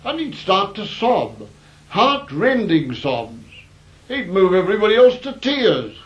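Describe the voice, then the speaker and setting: In a dull lo-fi recording, a man tells old anecdotes wryly, rambling with fillers and restarts. His voice is high and fairly bright, swooping wildly in pitch, and he speaks a little slowly.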